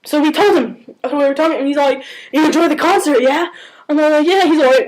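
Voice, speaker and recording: A teenage girl telling an excited, gushing story and often breaking into giggles. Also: high-pitched, brisk. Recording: noisy home video.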